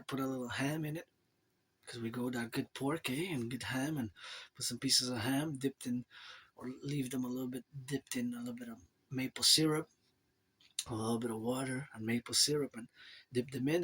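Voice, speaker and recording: Quebec guy rambling on camera, husky voice, keeps circling back, says eh a lot. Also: medium pitch, bright, forceful tone. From Canada. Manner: rambling, loose, with repeats and asides like "eh?". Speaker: vlogger. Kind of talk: rambling unedited monologue.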